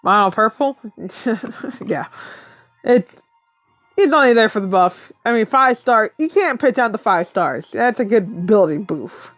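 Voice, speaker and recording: A woman's voice: on the high side, lively intonation, measured pace, long pauses, fairly bright tone, no room sound, soft background music. A woman thinking aloud as she plays a mobile game, muttering to herself and laughing often in casual commentary.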